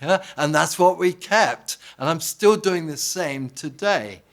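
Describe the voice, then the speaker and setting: Conversational male preacher, slightly high voice. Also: animated, slow, fairly bright tone. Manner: anecdotal, conversational, asks the congregation "yeah?"; acts out quoted dialogue. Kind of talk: informal sermon.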